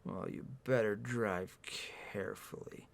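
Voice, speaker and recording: A man voicing a stern, brooding rich young man in a slow, hushed, breathy way, as a mock-dramatic book reading. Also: on the low side, big pitch swings, voice pushed down, heavily acted. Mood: smoldering.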